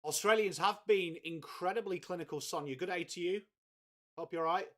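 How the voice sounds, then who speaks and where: A man's voice: high voice, brisk, a bit bright. A man from England, hosting a casual live watchalong stream, chatting, swearing freely and greeting viewers by name.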